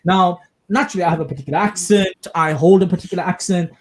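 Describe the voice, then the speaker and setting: A fast-talking man from England, high-pitched, hosts a casual podcast discussion. He's emphatic and animated, checking in regularly with his audience with phrases like "you understand?"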